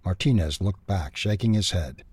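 A man reading a children's storybook aloud, expressive and lively. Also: sits low, normal speed, breathy edge, no echo.

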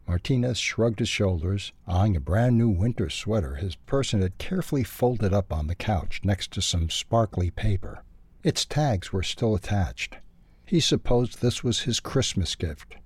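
A man reading a children's storybook aloud, expressive and lively. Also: on the low side, measured pace, breathy edge, no echo.

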